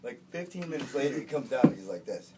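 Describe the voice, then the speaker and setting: A man's voice: medium pitch, lively intonation, quick pace, over loud music. A man telling a personal anecdote in a casual, chatty way, laughing between lines and filling with "like" and "right". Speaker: storyteller. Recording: distant mic with clear background noise.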